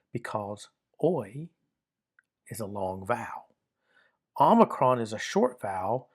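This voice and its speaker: Patient man teaching Greek grammar. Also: medium pitch. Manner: patient, methodical, repeats key points. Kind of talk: explanatory teaching lesson.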